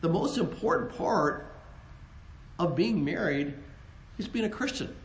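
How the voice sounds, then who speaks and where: A man's voice: high voice, lively intonation, a little slow, reverberant. A man co-hosting a Christian talk on marriage, earnest and joking, often restarting his sentences. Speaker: co-host, married couple ministry.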